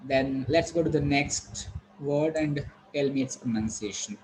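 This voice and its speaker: A man's voice: mid-range voice, a little slow, darkish tone, a little hiss or hum, poor audio. Indian man drilling English pronunciation. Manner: repetitive, coaxing, drills words aloud. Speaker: English teacher. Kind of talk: online pronunciation lesson.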